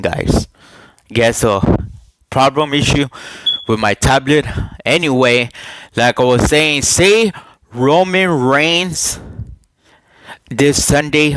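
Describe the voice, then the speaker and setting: Slow-talking man on a headset mic. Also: mid-range voice, a bit bright, no room sound, low-quality recording. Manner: halting, repeats himself, restarts, asks viewers questions. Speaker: YouTuber giving wrestling predictions. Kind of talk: casual vlog monologue.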